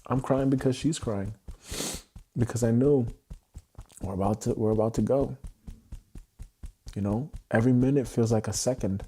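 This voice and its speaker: Guy livestreaming, dark husky voice, raw and emotional, keeps repeating himself. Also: medium pitch. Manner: halting and repetitive, restarting phrases. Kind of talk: unscripted emotional livestream monologue.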